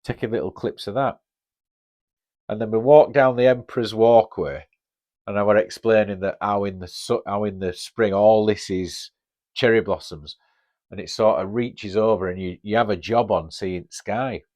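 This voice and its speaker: A blunt, chatty man in his fifties with a broad Northern English accent, spinning a casual travel tale for his podcast. His voice sits fairly low, and he drops the odd swear word without a second thought. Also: moderate pace, darkish tone. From Northern England. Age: 50s. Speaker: podcast host. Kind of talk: casual storytelling.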